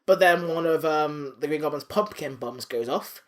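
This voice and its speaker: A man's voice: a little high, moderate pace, a bit bright. A man hosting a podcast, casually recapping a cartoon episode with silly voices and swearing. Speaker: podcast host.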